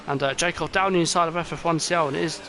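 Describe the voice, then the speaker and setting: A young man commentating an online racing game, excitable and rambling with many fillers, and tired. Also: a little high, very fast. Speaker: race commentator. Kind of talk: esports race commentary. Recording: noisy, with game car sounds behind.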